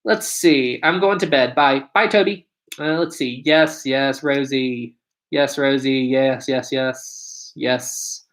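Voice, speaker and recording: An upbeat man in his twenties hosts a relaxed live stream, reading and answering viewer questions. His voice is bright and clear, and he keeps a friendly, chatty flow while thanking viewers again and again. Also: medium pitch, takes it slowly, rough recording. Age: 20s. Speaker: livestream host.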